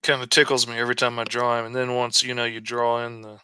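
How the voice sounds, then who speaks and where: Chatty man with a bright voice. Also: mid-range voice, completely flat delivery, fast, clean tone, no room sound. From Arkansas. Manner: folksy and chatty, drawls out stories. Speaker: comic artist streaming while drawing. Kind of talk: casual storytelling while drawing.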